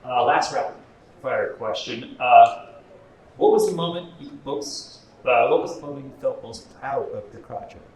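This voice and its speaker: Man, middle pitch, moderator voice, echoing far-off hall. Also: moderate pace, darkish tone. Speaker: panel moderator. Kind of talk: convention panel talk. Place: large convention hall.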